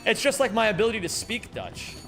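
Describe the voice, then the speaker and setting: Lively, bright-voiced male streamer joking. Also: high voice, fast talker, creaky, faint music behind. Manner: joking, self-mocking, reads chat aloud and answers it. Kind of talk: casual live-stream chat while speedrunning.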